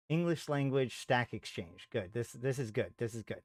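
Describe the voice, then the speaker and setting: A man's voice: mid-range voice, lively intonation, unhurried, dry recording, studio quality. A man hosting a live stream, thinking aloud in a casual chat with frequent trailing off and restarts. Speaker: streamer host.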